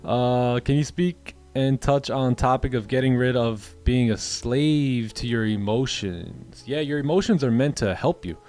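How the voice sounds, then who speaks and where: A man's voice: medium pitch, measured pace, hardly any pauses, darkish tone, faint music behind. A man hosting a live trading stream, answering chat questions in a rambling, casual way and often repeating words. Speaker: trading livestream host.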